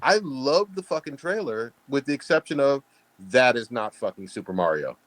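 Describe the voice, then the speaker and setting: A man's voice: mid-range voice, expressive, normal speed, no room sound. Blunt, cursing podcast host man. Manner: blunt, profane, emphatic. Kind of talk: casual podcast chat.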